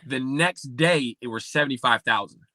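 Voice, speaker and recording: A man from Pennsylvania, a podcast guest, telling his story in an animated, casual way, acting out what people said and leaning on "like" a lot. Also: medium pitch, normal speed, no room sound. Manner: animated, acts out quoted speech, many fillers like "like".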